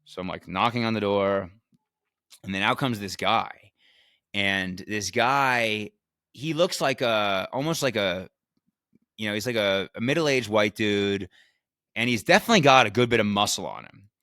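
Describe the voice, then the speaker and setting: A man's voice: on the low side, normal speed, bright, forceful tone, no echo, studio quality. A young man casually telling a long story about a road trip, with lots of restarts and fillers and some swearing. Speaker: vlogger recapping a race weekend.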